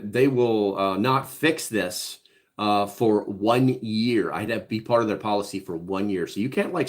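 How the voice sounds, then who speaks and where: A middle-aged man hosting a casual livestream, reading chat comments aloud and answering bluntly, with many fillers and restarts. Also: lowish voice. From Hawaii.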